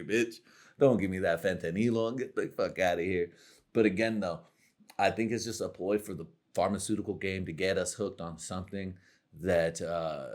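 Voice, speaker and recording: Profane, rambling man with a low voice. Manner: profane, rambling, laughs at his own jokes. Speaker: comedy podcast host. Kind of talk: crude comedic monologue.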